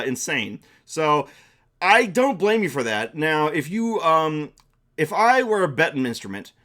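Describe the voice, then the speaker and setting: A man's voice: a little high, a bit bright. A man voicing a friendly, chatty male accordion dragon who talks in a folksy, reassuring way.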